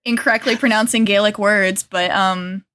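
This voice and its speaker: Woman from Chicago, podcast co-host, bright chatty delivery, dry close sound. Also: mid-range voice, fairly even intonation, normal speed, no room sound. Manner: chatty, laughs often, trails off mid-sentence. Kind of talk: casual chat.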